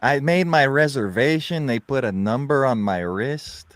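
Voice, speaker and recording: A man's voice: mid-range voice, unhurried, no echo. A man co-hosting a comedy podcast who chimes in with short punchlines between laughs. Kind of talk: improvised comedy riffing.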